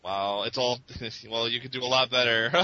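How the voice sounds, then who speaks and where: Man, loose, profane, self-mocking talker, bright edgy tone, dull lo-fi sound. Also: sing-song, takes it slowly. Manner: rambling, profane, self-mocking, laughs often. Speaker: podcast interviewee. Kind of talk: casual chat. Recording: muffled lo-fi recording with faint rumble.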